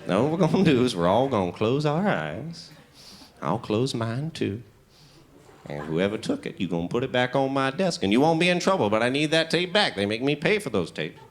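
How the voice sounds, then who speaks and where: A comedian voicing a very old, stern woman substitute teacher with a hushed scolding drawl. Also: medium pitch, sing-song, a little fast, natural voice. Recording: noisy live club with audience laughter.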